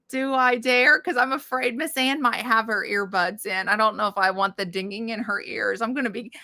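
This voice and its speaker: A middle-aged woman chatting slowly and casually on a livestream. Her voice is bright and sharp, and she rambles, restarts and laughs often. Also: a little high. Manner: rambling with many fillers and restarts. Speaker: livestream host.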